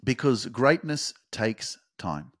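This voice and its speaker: A man's voice: mid-range voice, sing-song, dry recording. A young man hosting a motivational podcast, emphatic and swearing freely as he pushes his listeners. His voice sits in the middle of the male range. It is recorded close on a podcast mic with a dry, roomless sound. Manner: emphatic, swears freely, rises to loud fast peaks. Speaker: podcast host.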